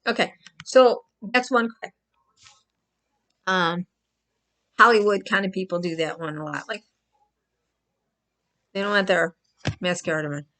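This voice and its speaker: A woman's voice: lowish voice, a little slow, long pauses, pushed and bright. A woman vlogger talking to camera in casual commentary, emphatic and prone to repeating herself for stress.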